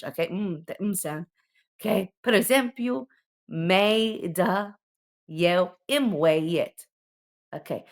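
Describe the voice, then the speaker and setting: A woman's voice: medium pitch, creaky. A woman giving a casual alphabet lesson, explaining each letter in a chatty way with many okays and ums. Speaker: homeschooling teacher.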